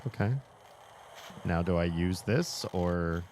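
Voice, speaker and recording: A man's voice: low-pitched, slow, noisy background. A man playing a video game and commenting casually, with wry, chatty reactions. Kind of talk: casual let's-play commentary.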